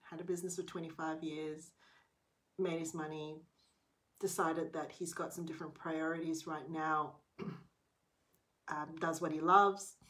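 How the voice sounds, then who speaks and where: A middle-aged woman chatting to camera as she tells a personal story, animated, with quick hushed asides. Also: low voice. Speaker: vlogger.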